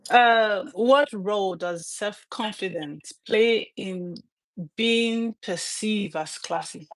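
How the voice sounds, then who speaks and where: A woman's voice: medium pitch, takes it slowly, no echo, rough recording. A woman interviewing a guest in a casual chat, asking short questions and adding brief acknowledgments.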